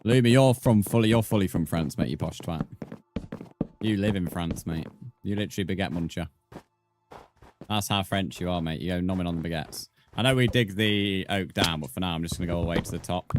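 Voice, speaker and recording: A man's voice: low voice, a little fast, noisy background. A man chatting casually on a game live stream, bantering with viewers, swearing, and counting blocks aloud. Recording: background music under voice.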